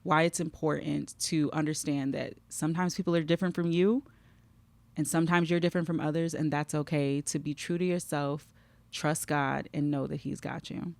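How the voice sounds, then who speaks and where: A woman's voice: deep voice, steady tone, normal speed, vocal fry, darkish tone, no room sound. A middle-aged woman hosting a podcast, talking heartfelt and emotional, at times fighting back tears. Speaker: podcast host.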